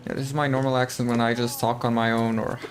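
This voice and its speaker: Faint music plays behind a fast-talking man whose mid-range voice barely moves in pitch. He streams a game and chats casually with his viewers, his American-sounding English picked up from TV.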